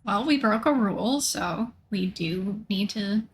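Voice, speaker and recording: A woman's voice: medium pitch, lively intonation, unhurried, crowd noise. A woman playing a tabletop game, speaking earnestly with a player's casual manner. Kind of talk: tabletop role-play.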